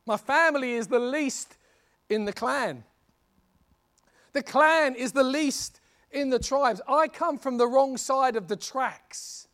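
A man's voice: extremely high pitch, takes it slowly, a bit bright, full character voice. A timid young man protests that he is the least of all, in a self-deprecating voice, as a preacher acts him out. He sounds doubtful and defensive. It is told within a sermon. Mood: self-doubting.

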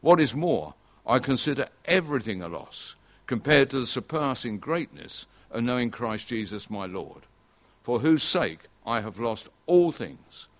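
A man's voice: medium pitch, very animated, unhurried, fairly bright tone. An older man preaching an earnest sermon, repeating key phrases for emphasis.

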